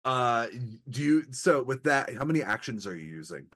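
A man narrates a tabletop game as game master, relaxed and easygoing. His pitch moves around a lot as he describes the scene and explains the rules. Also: moderate pace.

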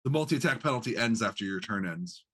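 A man running a tabletop role-playing session as game master. His pitch swings widely as he explains rules and narrates what the enemy does. He sounds relaxed and chatty. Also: quick pace. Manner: animated, explains rules, voices reactions.

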